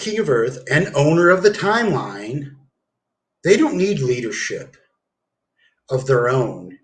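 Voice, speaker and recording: A man's voice: on the high side, a bit bright. Profane rambling man streaming. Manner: rambling, profane, keeps saying dude. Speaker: livestreamer. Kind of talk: casual livestream rant.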